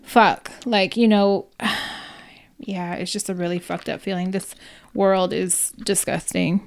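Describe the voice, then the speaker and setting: A woman's voice: medium pitch, steady tone, slow. A woman co-hosting a casual podcast chat, speaking in a casual, agreeable and weary way. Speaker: podcast co-host.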